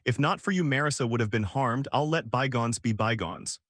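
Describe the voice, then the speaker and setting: Guy doing a cold stern old duke, unhurried, dry sound. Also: medium pitch, animated, fairly bright tone, dry recording. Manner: light but cold, slow. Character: stern powerful older male duke, cold.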